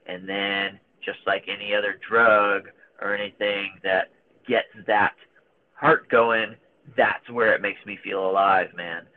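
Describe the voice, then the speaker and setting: A man in his thirties speaks candidly and emotionally, often stopping and restarting his thoughts. His voice sits a little low. It comes through narrow and phone-like. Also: little pitch movement, slow pace. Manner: emotional, searching, many fillers and restarts. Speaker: guest. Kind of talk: candid conversation.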